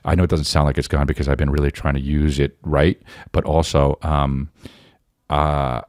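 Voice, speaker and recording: His very deep, darkish voice shows little pitch movement and moves at normal speed, sounding sore and worn. This forties-aged solo podcast host rambles casually, restarting a lot and asking "right?" again and again, in a dry, clean studio recording.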